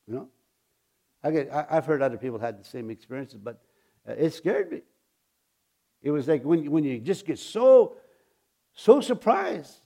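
A man, a pastor, telling a personal testimony in a rambling, halting way, with many restarts and chuckles. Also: a little high, warm tone. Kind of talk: testimony storytelling.

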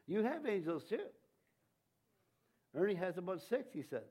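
A man preaching a sermon as pastor, in a rambling, halting way with many restarts and fillers, chuckling between points. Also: high-pitched, very animated, a little mellow, slightly rough.

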